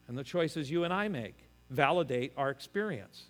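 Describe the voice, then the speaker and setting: A man's voice: a little high, animated, moderate pace. An older man preaching a sermon as pastor, emphatic and earnest, slipping in joking personal asides. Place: church. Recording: long reverb of a large hall.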